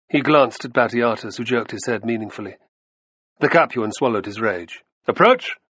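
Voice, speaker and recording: A man narrating an audiobook with a dramatic, expressive reading. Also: lowish voice, slightly rough, no echo. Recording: dull lo-fi dry recording.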